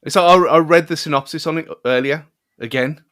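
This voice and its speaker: A man's voice: a little high, fairly quick, fairly bright tone, clear, resonant tone, no room sound. A man co-hosting a casual podcast, rambling and self-mocking and often trailing off mid-thought. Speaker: podcast co-host.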